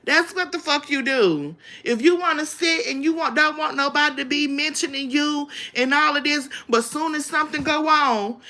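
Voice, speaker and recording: High-pitched, bright and edgy with a gravelly fry running through it, a woman's voice drives this profane, confrontational rant. She's the host of her own livestream and doesn't soften anything.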